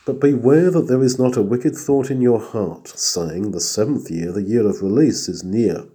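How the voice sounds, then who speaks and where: A man's voice: medium pitch, moderate pace, dark tone. A man preaching an expository sermon, reading scripture aloud and then explaining it earnestly. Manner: acts out inner thoughts in a chatty aside voice.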